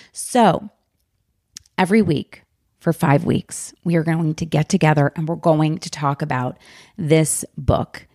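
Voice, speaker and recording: A woman hosting a podcast in casual, chatty conversation, animated and full of fillers. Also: low-pitched, unhurried, no echo, studio quality. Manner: chatty, animated, heavy use of "like". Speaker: podcast host.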